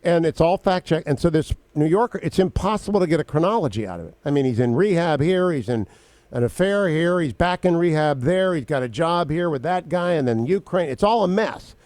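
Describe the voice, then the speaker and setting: A man hosting a political talk radio show, briskly laying out his opinions point by point into a studio mic. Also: on the high side, expressive, darkish tone, no echo.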